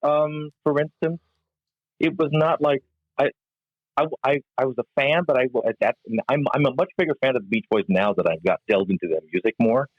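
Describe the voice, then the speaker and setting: A man, a comedian and musician, telling a backstage anecdote in a podcast interview with laughs and halting restarts. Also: mid-range voice, dry recording. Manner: animated storyteller, laughs often, halting restarts. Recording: dull, lo-fi, dry sound.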